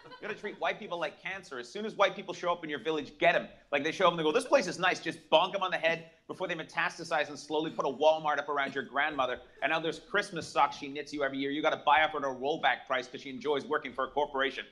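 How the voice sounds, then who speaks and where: A young adult man doing a profane, brash stand-up comedy set with rapid-fire jokes. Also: fairly high pitch, fairly even intonation, bright, forceful tone.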